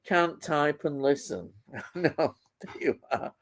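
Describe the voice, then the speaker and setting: A middle-aged man reading viewer comments aloud on a film live stream and teasing his co-host. He talks slowly in a high voice for a man, with a lively, swinging pitch and laughter never far away. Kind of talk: casual banter, reading chat comments.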